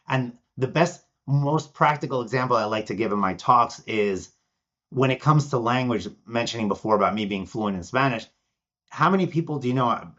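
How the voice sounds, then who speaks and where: Animated man from Argentina, lo-fi sound. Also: mid-range voice. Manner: animated storyteller, acts out quoted voices. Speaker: guest. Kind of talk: podcast interview.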